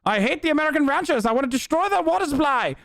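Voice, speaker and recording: A cackling cartoon villain with a monocle and a transatlantic accent, squealing his evil plans in a strained, very high register. He sounds delighted with his own wickedness, and the voice has an odd, distant color. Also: expressive, racing, vocal fry, fairly bright tone, no echo, full character voice. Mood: gloating.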